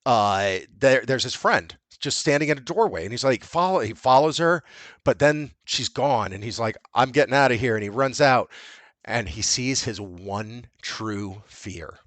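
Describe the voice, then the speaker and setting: A man hosting a podcast, recapping a movie in casual, profane, animated chat. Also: medium pitch, measured pace, no room sound. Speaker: podcast host.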